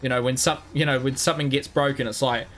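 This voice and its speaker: Fast and fairly even in intonation, this man's mid-range voice is a bit bright, with faint music behind. During his live gameplay stream, he swears freely, hums and mutters as he plays, and rambles self-mockingly in response to chat.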